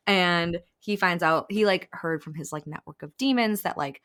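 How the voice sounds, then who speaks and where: Woman podcast host, lowish voice, chatty and profane, "like"-heavy plot recap. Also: moderate pace, fairly bright tone. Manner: laughs while retelling a plot. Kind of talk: casual chat.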